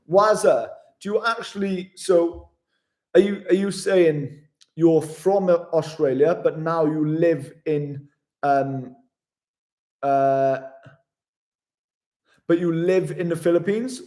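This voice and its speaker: A man's voice: on the high side, a little mellow. A man, chatting casually on a live stream as a travel vlogger, reading out viewer comments in a matey way.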